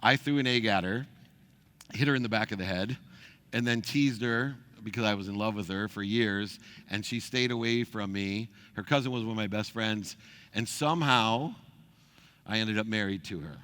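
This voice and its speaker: A middle-aged man with a fairly low voice tells a personal story as the host of his own show. He is animated and acts out the people he quotes. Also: moderate pace, clean tone.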